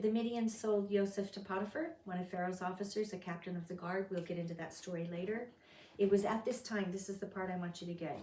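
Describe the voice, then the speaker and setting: A woman's voice: lowish voice, far from the mic. A woman teaching a Bible study, telling the story dramatically and acting out the characters' lines. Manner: dramatic, acts out quotes with sudden loud outbursts. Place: fellowship meeting room. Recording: roomy sound from off the mic.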